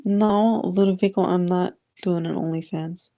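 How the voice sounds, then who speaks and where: A woman's voice: lowish voice, steady tone, moderate pace, warm tone. A woman hosting a casual live audio chat, greeting listeners by name and reading their comments aloud. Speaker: live audio room host.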